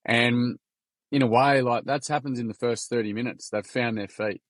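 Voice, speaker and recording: Young Australian man, podcast guest, animated slangy storyteller, dry sound. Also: mid-range voice, moderate pace, no echo. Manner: animated, slangy, acts out quotes. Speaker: podcast guest, workshop founder. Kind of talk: casual storytelling interview.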